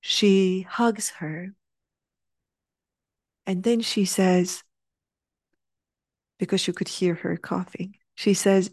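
A middle-aged woman telling a heartfelt personal story, earnest and animated, sometimes dropping to a soft hush. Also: medium pitch, drawn-out words, long pauses, no room sound, studio quality. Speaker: speaker sharing a personal story.

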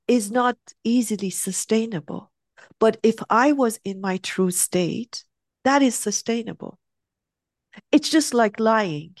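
A woman's voice: fairly high pitch, darkish tone, no room sound. A middle-aged woman talks in a reflective, storytelling way, now and then lifting her voice sharply to play out the people in her anecdotes. The recording is close and dry, with no room sound around her voice. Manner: reflective, acts out quoted voices animatedly. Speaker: guest sharing spiritual reflections. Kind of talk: conversational storytelling.

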